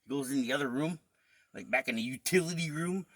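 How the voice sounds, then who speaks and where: A man's voice: medium pitch, quick pace, fairly bright tone, no room sound. A man in casual podcast chat, telling crude, profane stories and laughing often.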